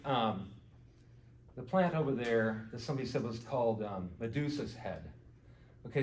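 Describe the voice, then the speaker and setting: This man, an author who speaks to garden clubs, lectures casually before a live audience in an echoey indoor hall, peppering his talk with "you know" and putting questions to the crowd. He has a mid-range, darkish voice. It was recorded from a distance.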